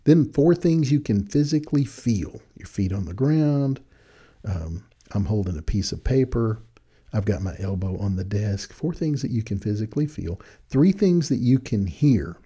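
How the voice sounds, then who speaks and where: A man's voice: lowish voice, animated, moderate pace, warm tone, slightly rough. A man hosting a podcast, talking in a folksy, casual way at a desk microphone and chuckling at his own points. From Texas. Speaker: podcast host. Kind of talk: casual spoken reflection. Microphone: studio mic with headphones at a desk.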